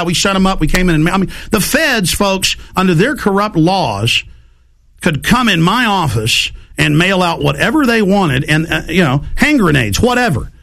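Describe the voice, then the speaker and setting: A man hosts a talk radio show with a gravelly voice. His pitch sits a little high, and he rambles through an animated monologue, putting on voices for the people in his stories. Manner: rambling, acts out quoted voices.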